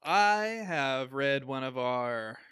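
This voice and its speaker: A man's voice: mid-range voice, expressive, slow, fairly bright tone, smooth, no room sound, clean studio sound. A man with a Midwestern American accent co-hosting a casual chat about comic books. He talks enthusiastically, with frequent fillers and laughs. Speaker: podcast co-host.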